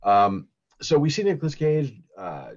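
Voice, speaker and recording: Rambling husky-voiced man on a lo-fi podcast. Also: medium pitch, very animated, measured pace. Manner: rambling, giggly, many fillers and restarts. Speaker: podcast co-host recapping a film. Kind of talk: casual movie recap chat.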